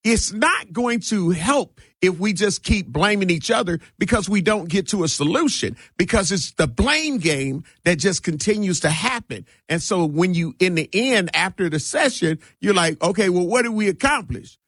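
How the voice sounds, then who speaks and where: A man hosting a morning radio talk show, talking in an animated, slangy, emphatic way. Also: sits high, moderate pace, hardly any pauses, breathy edge, no echo, studio quality.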